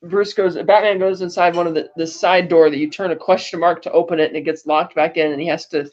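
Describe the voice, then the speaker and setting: A woman's voice: lowish voice, fairly even intonation, fast, darkish tone. Rambling woman podcast host, lo-fi sound. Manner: rambling storytelling with frequent fillers and laughs. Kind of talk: casual film recap chat. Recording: dull lo-fi podcast audio.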